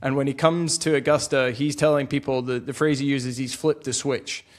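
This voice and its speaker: Relaxed mid-pitched male podcast co-host. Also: moderate pace. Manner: relaxed, steady, walks through facts, laughs along. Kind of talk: casual golf history chat.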